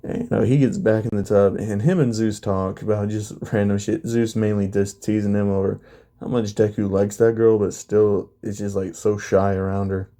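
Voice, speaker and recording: A man's voice: fairly low pitch, steady tone, normal speed, mellow. A man casually telling a fan story, laid-back, swearing freely and leaning heavily on fillers.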